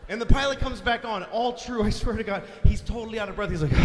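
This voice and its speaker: A man doing stand-up comedy, telling a story with animated, profane delivery that breaks into shouts. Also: high-pitched. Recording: long-reverb theater hall, faint noise.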